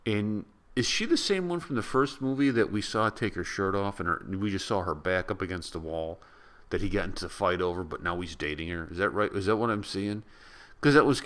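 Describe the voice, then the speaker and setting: A man's voice: low voice, a bit bright. An American man giving a casual, rambling movie review, chatty and laughing at his own stories. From United States.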